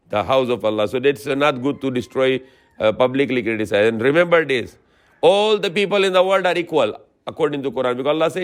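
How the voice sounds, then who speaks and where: A male Islamic preacher giving a religious lecture in non-native English, often restarting phrases, asking the audience rhetorical questions and quoting Arabic scripture. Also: on the high side.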